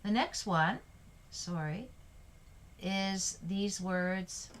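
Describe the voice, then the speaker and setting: A woman's voice: lowish voice, moderate pace, slight background noise. A middle-aged woman teaching an English vocabulary lesson, spelling out words letter by letter and explaining them with example sentences.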